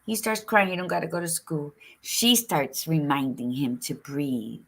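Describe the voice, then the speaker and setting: A middle-aged woman co-hosting a casual talk show, chatting in an expressive, frank and folksy way, with Spanish words mixed in. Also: sits low, a little slow, vocal fry. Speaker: podcast co-host. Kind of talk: casual chat.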